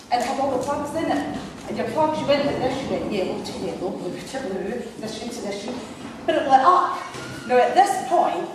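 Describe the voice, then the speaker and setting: A Scottish woman in her fifties telling comic stand-up stories in a chatty, self-mocking way on a stage. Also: on the high side. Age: 50s. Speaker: stand-up storyteller. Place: stage in a hall. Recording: echoey hall from far off, noisy.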